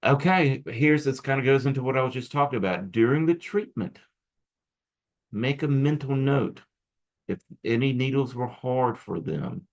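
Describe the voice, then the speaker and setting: Animated and a little creaky, a medium-pitched man talks at a normal speed as he teaches acupuncture. This recorded lecture is informal and wandering, with plenty of restarts and asides.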